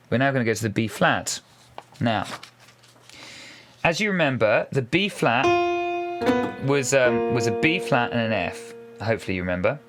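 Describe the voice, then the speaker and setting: A man giving a casual, patient piano lesson, counting beats aloud as he explains the fingering. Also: medium pitch. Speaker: piano teacher. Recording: piano music loud under voice. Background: piano playing.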